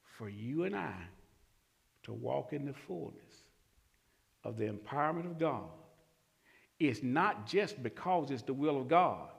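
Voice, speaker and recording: A man pastor preaching a sermon, asking questions and answering them himself, swinging from quiet murmurs to loud shouts. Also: mid-range voice, expressive, unhurried, gravelly, pauses often, in a large hall.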